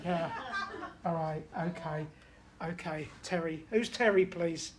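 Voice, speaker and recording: A woman's voice: lowish voice, slow, a little hiss or hum. A woman giving a spiritual medium reading, chatty and relaying messages, often checking in with her listener.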